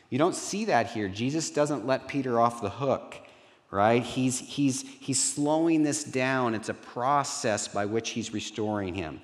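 A middle-aged man, a pastor, preaching a sermon in an earnest way that turns lively when he acts out dialogue. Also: fairly high pitch, moderate pace. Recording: reverberant hall.

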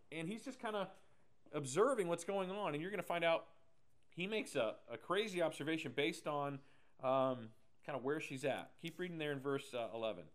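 A man's voice: on the high side, a bit bright. A man preaching a casual, joking sermon, explaining scripture with laughs and asides. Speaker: pastor.

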